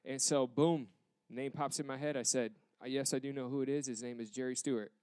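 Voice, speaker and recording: A young American man, a pastor, telling a story in a sermon with animated acted quotes. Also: medium pitch, brisk, clean tone. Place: church campus.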